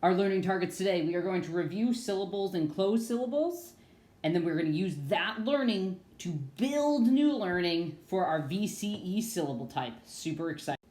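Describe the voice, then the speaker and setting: Upbeat young woman teacher for a kids' online reading lesson; lower voice, roomy echo. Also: lively intonation, normal speed, mellow. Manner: upbeat and playful, sings phrases.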